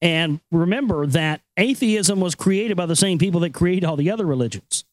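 A man's voice: sits high, expressive, moderate pace, no echo. A male talk show host who reads news items and rambles about them in a profane, casual way. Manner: profane, rambling, laughs often.

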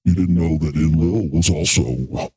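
A man's voice: measured pace, dark tone, exaggerated voice. A man voicing a lewd, gloating male Satan who laughs as he talks. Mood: leering. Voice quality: deep growling rasp. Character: lewd, leering male Satan, a demon lord.

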